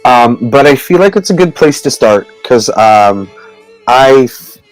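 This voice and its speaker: A man co-hosting a casual video call chat, teaching Tagalog words in a halting, rambling way with many fillers and frequent laughs. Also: mid-range voice, lively intonation, soft background music, rough recording. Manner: laughs often between words.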